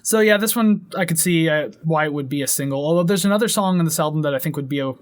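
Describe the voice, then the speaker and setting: A young man with a somewhat high voice reviews music in casual chat. He hedges constantly and wanders through his points with plenty of fillers. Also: quick pace. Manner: rambling, hedging with many fillers. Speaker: podcast co-host.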